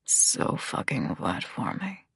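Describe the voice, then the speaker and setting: A man's voice: takes it slowly, a bit bright, dry recording, clean studio sound. A woman playing a growling, domineering mafia boss. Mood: growling commands. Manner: low growled whispers.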